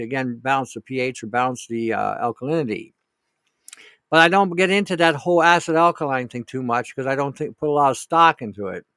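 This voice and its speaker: In clean, dry studio audio without room sound, a man hosting a show fields a listener's question. His voice is fairly high, smooth, and a bit bright. He rambles through a casual, opinionated monologue, blunt and emphatic with profanity.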